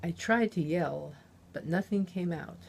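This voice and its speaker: A woman author reading a chapter of her own novel aloud in the first person, in a measured, plain storytelling manner. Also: fairly low pitch, vocal fry, slight background noise. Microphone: omnidirectional studio mic.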